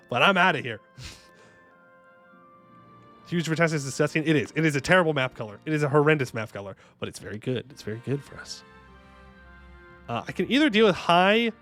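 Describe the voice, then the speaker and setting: A man with a somewhat high voice commentates his game live, casual and joking as he banters with chat. He hums small fanfares between moves. Faint game music runs underneath. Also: a bit bright. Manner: playful, joking with chat, sings little fanfares. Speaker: streamer.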